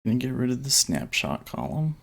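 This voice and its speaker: A man's voice: mid-range voice, sing-song, a little fast, vocal fry, a bit bright. A man casually thinking aloud as he day-trades on a live stream, talking in fits and starts. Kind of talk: casual live-stream commentary while trading.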